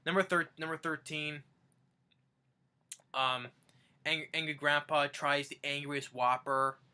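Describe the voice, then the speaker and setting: A young man chats through a countdown of his favorites, rambling and backtracking mid-sentence. His voice sits a little high and sounds bright and sharp. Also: steady tone, slow pace, clear, resonant tone. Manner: rambling, restarts sentences often. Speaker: fan vlogger. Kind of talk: casual countdown retelling.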